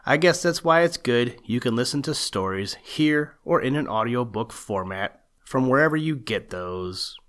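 Man, storybook reader, friendly and chatty, mid-pitched voice. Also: a bit bright. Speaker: storyteller reading a book aloud. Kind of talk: storybook reading.

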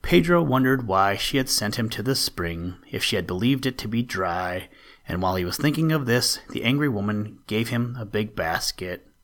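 A middle-aged man hosting a podcast, reading a children's story aloud in a calm, measured way. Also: fairly low pitch. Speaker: podcast host and story narrator. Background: soft background music.

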